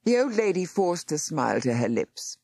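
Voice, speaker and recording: A woman narrating a story aloud in an expressive storytelling manner. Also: lowish voice, moderate pace, slightly rough, no echo, clean studio sound. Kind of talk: audiobook narration.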